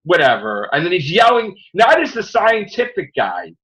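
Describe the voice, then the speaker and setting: A man hosting a casual review podcast, rambling through an animated retelling of a plot. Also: sits high, moderate pace, low-quality recording. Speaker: podcast host.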